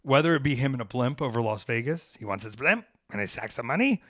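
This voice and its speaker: A man hosting a podcast, telling a story in a casual, animated way. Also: medium pitch, fast talker, no room sound, studio quality. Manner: animated, acts out quoted voices. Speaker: podcast host, pro wrestler.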